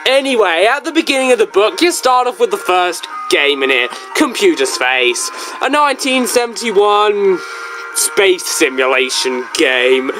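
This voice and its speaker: Slow jokey reviewer rambling through a book, pitch all over the place, quiet music behind. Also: animated. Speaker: video game book reviewer. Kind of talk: casual review video.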